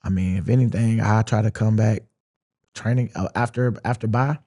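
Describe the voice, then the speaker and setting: A male football player as an interview guest, telling his story in a relaxed, reflective, drawling way and acting out his own thoughts as he goes. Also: fairly low pitch, normal speed. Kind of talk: casual sit-down interview.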